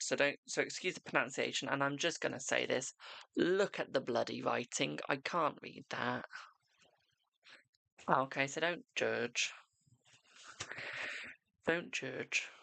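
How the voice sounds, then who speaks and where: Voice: medium pitch, gravelly, sharp tone, no echo. A tarot reader hosting a casual live stream, chatty and self-mocking, swearing freely.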